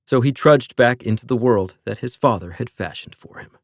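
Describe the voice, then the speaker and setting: Guy reading an audiobook, mid voice, steady pace, dry close mic. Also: mid-range voice, moderate pace, no echo. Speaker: audiobook narrator. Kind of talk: scripted narration.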